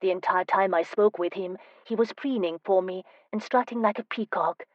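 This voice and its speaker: A woman narrator voicing a spirited, teasing young woman in an audiobook, speaking with lively, emphatic delivery. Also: medium pitch, moderate pace, no echo, lo-fi sound, close to an everyday voice. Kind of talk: audiobook character voice.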